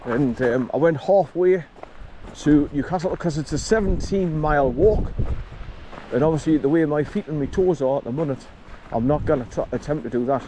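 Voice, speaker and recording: A man's voice: on the high side, dark tone, rough recording. A man, chatting while walking outdoors in windy drizzle, filmed on a chest-mounted camera. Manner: chatty, talks to his dog between remarks. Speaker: vlogger. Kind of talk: casual walking vlog. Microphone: camera on chest harness. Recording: strong wind noise on mic. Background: wind and rushing water.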